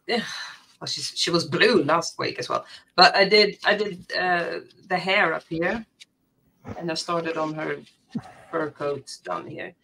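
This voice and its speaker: Bright, gravelly-voiced woman chatting. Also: fairly low pitch, slight background noise, poor audio. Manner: self-deprecating, candid, halting. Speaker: guest artist. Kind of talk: casual livestream chat.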